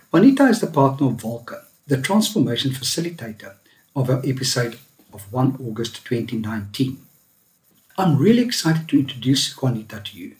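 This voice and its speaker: A man's voice: mid-range voice, darkish tone, reverberant. A man hosting a podcast, reading his intro and then chatting playfully with his guest. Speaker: podcast host. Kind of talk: podcast intro and casual interview.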